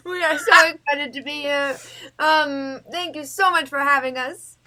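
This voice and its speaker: A woman player in a tabletop game with a high, bright voice. She sounds enthusiastic and bubbly as she speaks. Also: fairly even intonation, unhurried. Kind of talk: casual in-character play.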